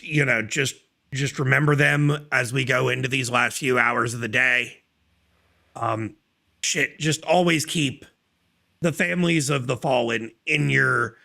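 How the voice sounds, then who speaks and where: A man co-hosting a podcast, speaking somberly in a halting way with many pauses. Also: mid-range voice, vocal fry, pushed and bright. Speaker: podcast co-host.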